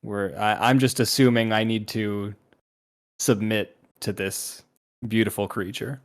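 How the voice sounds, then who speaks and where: Man player, slow, stammering in character, mid voice. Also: fairly low pitch, steady tone. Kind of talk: casual tabletop play.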